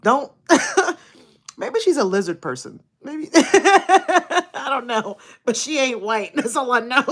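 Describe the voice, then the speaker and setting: A woman streamer chatting live with a fairly high, very lively voice that swoops up and down. She talks at an easy, unhurried pace, laughs often and swears freely. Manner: laughs often, profane and animated. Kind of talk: casual live stream chat.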